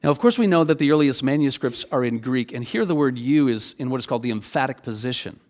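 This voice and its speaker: A middle-aged man preaching a sermon as pastor, talking in a loose, animated, conversational way and often checking in with "okay?". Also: mid-range voice, fast talker.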